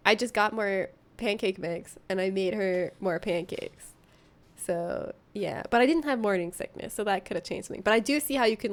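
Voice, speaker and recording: A young woman streamer chatting casually and reacting to posts and chat, giggling often. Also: fairly high pitch. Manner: chatty, giggles often, jumps into silly voices.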